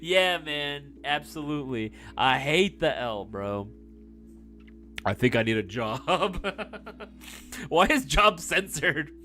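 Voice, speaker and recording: A man's voice: a little high, big pitch swings, slow, sharp tone, faint music behind. A young man hosting a casual live-stream Q&A, swearing freely and laughing often. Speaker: live stream host answering viewer questions.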